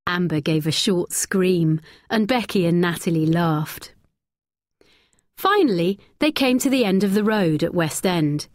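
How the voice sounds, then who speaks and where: A woman narrating a graded-reader story slowly, clearly and expressively. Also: on the low side, animated, no room sound, studio quality.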